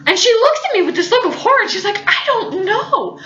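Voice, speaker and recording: A woman's voice: very high-pitched, rapid-fire, slight background noise. A young woman telling a funny personal story, giggly and dramatic. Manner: giggly, animated, dramatic retelling. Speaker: vlogger. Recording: echoey room, slightly dull audio.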